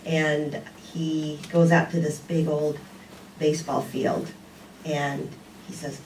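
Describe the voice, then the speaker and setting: A woman's voice: low voice, little pitch movement, measured pace, gravelly, a little mellow, slight background noise. An older woman giving a conversational sermon with many "you know"s. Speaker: speaker. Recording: roomy, distant with faint background ambience.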